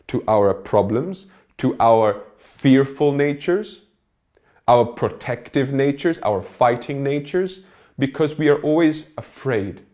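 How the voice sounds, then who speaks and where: A man's voice: on the low side, a little mellow. A man giving a recorded lecture as a spiritual teacher, explaining step by step and checking in with his listeners.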